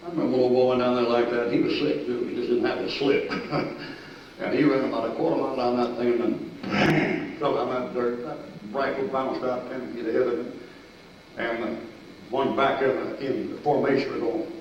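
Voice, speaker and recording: An older man preaching a sermon, telling army stories in a folksy, animated way, with sudden shouts and laughs. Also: mid-range voice, moderate pace, a little hiss or hum. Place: church sanctuary. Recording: echoey distant church recording, dull and lo-fi.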